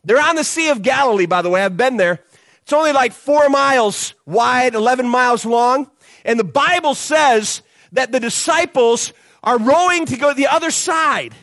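A man preaching an animated youth sermon, acting out the disciples and crowd as he tells the story. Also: very high-pitched, normal speed, dry recording. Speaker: youth pastor.

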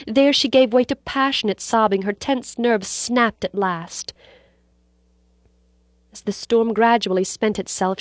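A woman narrating a story aloud in a measured, dramatic reading style. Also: medium pitch, no room sound, studio quality.

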